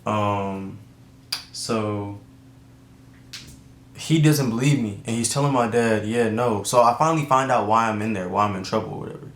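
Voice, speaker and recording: A man's voice: fairly low pitch, moderate pace. A young man from Atlanta telling a personal story to camera in a rambling, slangy way, full of restarts and asides. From Atlanta, USA. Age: young adult. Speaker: YouTuber. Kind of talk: casual storytime monologue. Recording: roomy echo, faint background noise.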